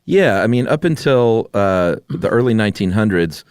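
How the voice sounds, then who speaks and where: A man's voice: on the low side, lively intonation, moderate pace, a little mellow, smooth, no echo, studio quality. A man co-hosting a podcast in casual chat, easygoing and drawling with fillers. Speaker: podcast co-host.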